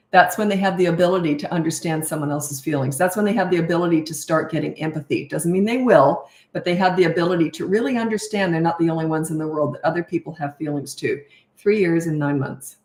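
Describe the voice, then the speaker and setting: An older woman with a low, slightly mellow voice talks quickly in a roomy-sounding space. A parenting coach in a live Q&A, she chats and tells stories, voicing the people in her anecdotes.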